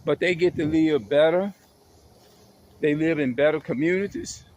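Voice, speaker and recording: A man's voice: fairly high pitch, normal speed, a little mellow. A man ranting in an emphatic, repetitive monologue to his viewers, swearing as he drives his points home. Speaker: vlogger.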